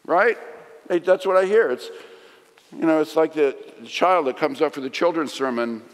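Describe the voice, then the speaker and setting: A middle-aged man preaching a sermon, swinging from loud emphasis to hushed lines. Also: on the high side, moderate pace. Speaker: pastor. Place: large church sanctuary. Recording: long hall reverb.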